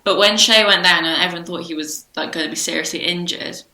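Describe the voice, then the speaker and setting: A woman's voice: on the low side, fast talker, sharp tone. A woman co-hosting a casual podcast chat, earnest, with hesitant restarts. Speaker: podcast co-host. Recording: echoey room.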